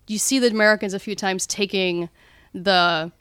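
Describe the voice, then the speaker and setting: A woman's voice: mid-range voice, fairly even intonation, normal speed, a bit bright, smooth, no room sound, clean studio sound. A woman co-hosting a podcast, casually arguing about a film with strong opinions and retelling scenes with animation. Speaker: podcast co-host.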